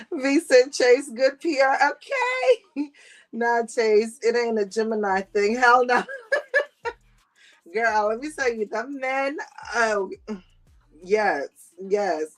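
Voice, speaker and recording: A woman's voice: on the high side, animated, takes it slowly, pauses often. A woman hosting a livestream, reading chat comments and gossiping in a sassy, slangy way with frequent laughter.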